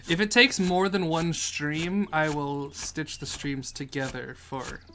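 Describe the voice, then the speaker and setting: Guy streaming a game, kinda high bright voice, goofing around and joking w chat, little game music under it. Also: fairly even intonation, slow pace, slight background noise. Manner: goofy and jokey, reads chat aloud and answers it. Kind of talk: casual live-stream commentary while playing.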